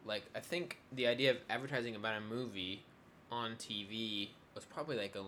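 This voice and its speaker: Bright-voiced young man chatting. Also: on the low side, steady tone, fairly quick, a little hiss or hum. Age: young adult. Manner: rambling, many fillers and restarts. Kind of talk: casual chat.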